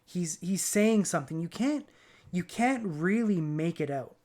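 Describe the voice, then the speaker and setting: A man narrating as game master in a tabletop game, relaxed and hesitant, with many fillers. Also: high-pitched, unhurried, slight background noise.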